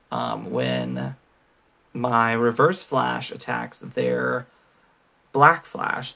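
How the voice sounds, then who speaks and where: A man's voice: medium pitch, creaky, fairly bright tone, breathy edge. A man giving casual commentary over a mobile game he plays, thinking aloud with many ums and sighs, and hiccuping now and then. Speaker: gaming channel host.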